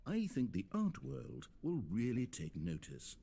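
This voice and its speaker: A man's voice: medium pitch, huge pitch swings, unhurried, vocal fry, warm tone, slightly rough, exaggerated voice. A man playing a dry, sarcastic narrator in a video game, speaking with mock-earnest irony. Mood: wry. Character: wry, sarcastic male game narrator, middle-aged.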